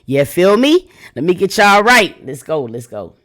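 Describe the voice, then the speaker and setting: A woman's voice: on the low side, sing-song, moderate pace, a bit bright. A woman hosting a reaction channel, talking straight to her viewers in a hyped, slangy, casual way.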